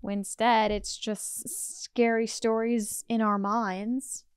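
A podcast co-host with a clear, slightly high voice tells her story in a loose, chatty way. She leans on "like" constantly, and the sound is close and dry. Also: flat delivery, slow pace, no echo. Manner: chatty, heavy use of "like". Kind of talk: casual chat, telling a dream story.

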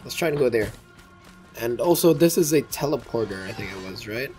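Excitable young man playing a game. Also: mid-range voice, brisk. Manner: excitable, swears, keeps saying dude. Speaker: gaming YouTuber. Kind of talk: casual gameplay commentary. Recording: loud game music and gunfire behind.

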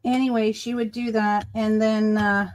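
A woman's voice: medium pitch, flat delivery, normal speed, darkish tone. A woman with a Boston accent, hosting a casual crafting livestream and telling stories in a rambling, self-correcting way. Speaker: host.

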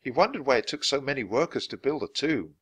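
Man, storybook narrator, lively animated pitch, expressive reading, clear pacing. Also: fast. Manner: expressive, voicing each character. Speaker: audiobook reader.

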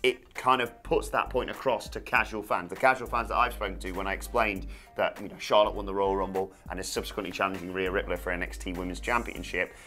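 A man co-hosting a wrestling news show, working through his opinions in a thoughtful, rambling way. His voice sits on the low side. A faint music bed plays underneath. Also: fairly even intonation, quick pace, few pauses, sharp tone. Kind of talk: casual news chat.

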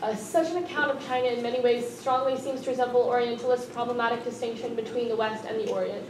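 A woman reading a passage aloud in a classroom, halting and stumbling over words. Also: fairly high pitch, fairly even intonation, a little mellow. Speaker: student reading evidence aloud. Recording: echoey room, far from the mic, noticeable noise.

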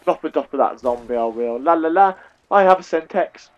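A man's voice: mid-range voice, expressive, a little fast, lo-fi sound. A young man with an English accent giving chatty, self-deprecating live commentary over a headset mic while he plays a shooter. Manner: chatty, self-deprecating, talks to viewers as "guys". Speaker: gaming YouTuber.

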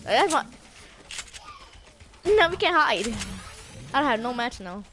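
A young woman streaming a game live, talking to teammates in an excitable, jumpy way and swearing often. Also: high voice, takes it slowly, faint music behind. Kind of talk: live gameplay commentary.

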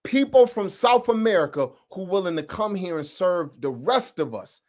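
A man from upstate New York preaches in a loose, fiery style, full of slang and direct asides to his audience. His voice sits high for a man, and he swings between loud punches and quieter stretches. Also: moderate pace. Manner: animated and emphatic, with street slang and asides to listeners. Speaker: Bible teacher. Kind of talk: informal preaching.

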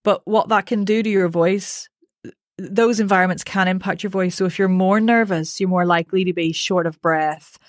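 A woman, a voice coach answering interview questions in a clear, methodical, upbeat way. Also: medium pitch, fairly even intonation, normal speed, no echo, studio quality. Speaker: voice coach, podcast guest.

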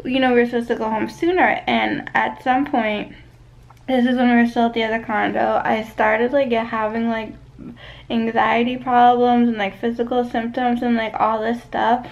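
A woman's voice: fairly high pitch, little pitch movement, normal speed, vocal fry, highs cut off. A young woman vlogging casually to camera from a vacation condo, rambling with lots of fillers and restarts.

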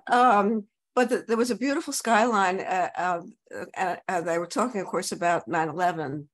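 Halting woman panelist. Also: fairly low pitch. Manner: halting, many hesitations. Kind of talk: casual chat.

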